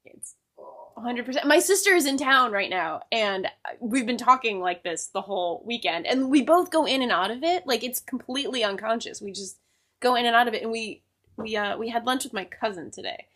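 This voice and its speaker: A woman's voice: fairly high pitch, animated, brisk, sharp tone. A young woman from New England, co-hosting a podcast and telling stories in casual chat with lots of fillers. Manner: chatty storyteller, lots of fillers. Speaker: podcast co-host.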